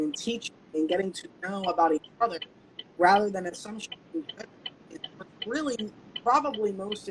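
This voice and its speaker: A woman hosting an online interview, with a voice pitched a little low for a woman. She speaks earnestly, circling her points as she goes. A clear hum of background noise runs under her. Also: a little mellow, rough recording. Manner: earnest, rambling advocacy talk. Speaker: host and founder of the show. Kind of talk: casual interview chat.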